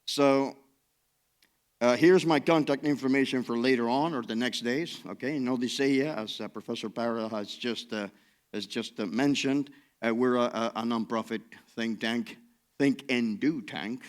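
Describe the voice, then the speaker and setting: A man's voice: medium pitch, moderate pace. A man with a non-native English accent giving a chatty, self-deprecating keynote talk in a conference hall. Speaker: keynote speaker.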